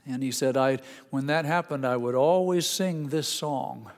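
A man preaching a sermon as pastor, halting and repeating words, then rising to emphatic, higher passages. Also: darkish tone, long reverb tail.

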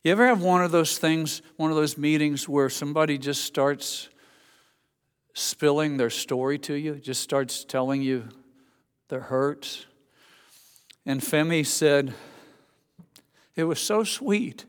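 A man's voice: fairly high pitch, slow, long pauses, clean tone. Folksy preaching man in a reverberant hall. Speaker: pastor. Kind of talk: sermon.

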